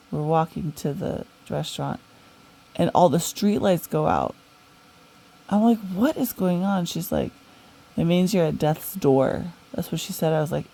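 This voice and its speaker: A young woman tells a meandering story, circling back and filling gaps with ums and likes. Her voice is mellow and dark, with a gravelly, creaky edge at the ends of phrases, and she swears casually as she goes. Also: low voice, poor audio. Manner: rambling, many fillers and restarts, swearing. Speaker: storyteller recounting a dream.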